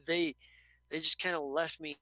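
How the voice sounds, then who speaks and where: A man voicing a wary male outlaw hiding out, who talks in halting, rambling bursts and swears freely. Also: on the high side, flat delivery, bright, forceful tone, dry recording. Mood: guarded.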